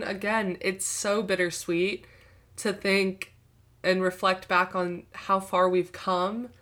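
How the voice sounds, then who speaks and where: A young woman co-hosting a podcast in casual chat, speaking warmly and effusively. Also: mid-range voice. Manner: warm, effusive, heartfelt. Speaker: podcast co-host.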